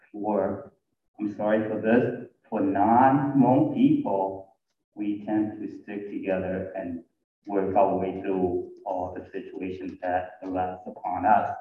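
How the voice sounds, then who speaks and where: Parent at a forum, man, low-pitched, slow and earnest, echoey hall, tinny far-off mic. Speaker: parent speaking at a school forum. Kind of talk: public comment at a meeting.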